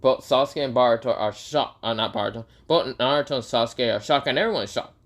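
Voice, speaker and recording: A man's voice: medium pitch, fast. A young man casually retelling an imagined fan story, rambling with many fillers and self-corrections.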